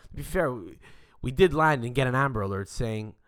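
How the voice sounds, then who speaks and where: A young adult man hosting a podcast, telling a story in a rambling, profane, animated rant. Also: mid-range voice, brisk. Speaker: podcast host.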